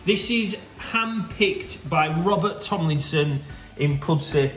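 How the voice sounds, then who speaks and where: A man's voice: fairly high pitch, expressive, takes it slowly, a bit bright. A man with a Yorkshire accent, enthusiastically showing off fresh produce in a casual demonstration. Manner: enthusiastic, gushing about produce. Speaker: produce seller. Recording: echoey room, distant mic, faint music.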